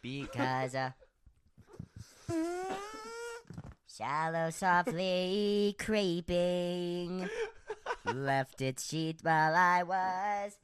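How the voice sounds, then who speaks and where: Squeaky helium crooner, smooth and very slow. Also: male voice, a bit bright, full character voice. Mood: mock-solemn singing. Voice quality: high, squeaky, singing while breaking into giggles. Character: squeaky helium-voiced man singing. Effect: helium-raised voice. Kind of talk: casual chat.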